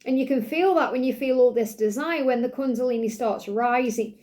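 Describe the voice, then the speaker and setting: A woman's voice: on the high side, fairly quick, darkish tone, slight background noise. A woman hosting a spiritual love card reading, speaking in an earnest, soothing way to her listener. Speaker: tarot reader and channel host.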